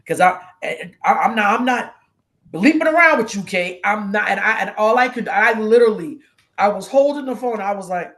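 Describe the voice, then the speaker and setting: A woman's voice: mid-range voice, lively intonation, fairly quick. A woman co-hosting a casual chat, telling an emotional story and acting out quoted voices. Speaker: guest co-host.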